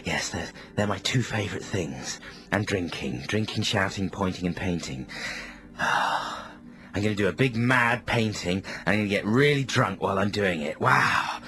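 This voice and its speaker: A man's voice: low voice, lively intonation, measured pace, heavily acted. A man with a British accent putting on a drunk, angry male film actor in a comedy bit on the radio. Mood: drunk, shouting. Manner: muttering, then yelling theatrically.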